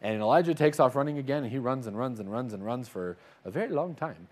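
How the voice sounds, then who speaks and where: A man's voice: medium pitch, expressive, fast talker, darkish tone. A man telling a Bible story in a casual, conversational way, slipping into little acted-out voices for the characters. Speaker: Bible teacher.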